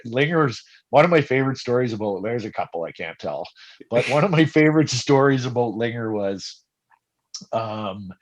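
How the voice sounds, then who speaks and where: A middle-aged man, a former pro hockey player, casually telling animated, profane stories and often restarting his sentences. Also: mid-range voice, moderate pace, muffled recording. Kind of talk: casual storytelling.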